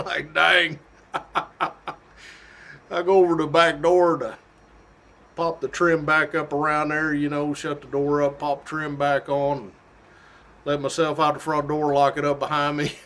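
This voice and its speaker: Middle-aged guy telling cop stories, lively and folksy, laughs a lot, voice a bit high. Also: a little slow, pauses often. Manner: animated, laughs often, folksy drawl-like phrasing. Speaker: state trooper telling stories. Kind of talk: casual storytelling.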